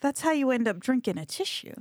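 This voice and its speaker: Female podcast co-host, playful laughing banter, slightly high voice, dry. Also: lively intonation, fast talker, darkish tone, no room sound. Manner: giggly, teasing banter. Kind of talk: casual chat.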